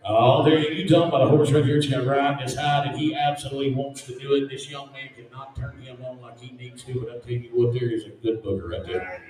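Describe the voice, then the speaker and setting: Fast-chanting male auctioneer in an echoey arena. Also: medium pitch, steady tone, a little mellow. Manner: rapid-fire rhythmic bid calling with repeated numbers. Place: large indoor sale arena. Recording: echoey arena from far off with crowd.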